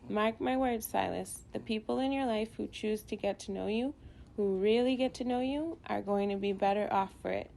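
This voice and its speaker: Audiobook mom read by a woman: caring, gentle, encouraging; warm low-lit tone, some vocal fry. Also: normal speed, slight background noise, natural voice. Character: warm, caring mother of a middle-school boy. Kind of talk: audiobook dialogue.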